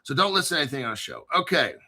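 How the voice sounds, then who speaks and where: A brash man hosts his crypto show off the cuff, cursing freely. His voice is very bright and pitched somewhat high. He drops into low grumbles, then jumps up into loud, excited outbursts. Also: rapid-fire. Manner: brash and profane, swinging from mumbled asides to loud hyped outbursts. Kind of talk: unscripted livestream commentary.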